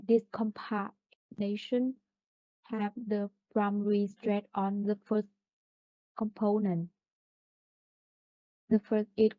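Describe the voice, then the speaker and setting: A woman's voice: medium pitch, no echo. A woman reading a class presentation on stressing compound words, carefully listing examples. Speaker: student presenter. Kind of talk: reading a pronunciation lesson. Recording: dry phone-like recording.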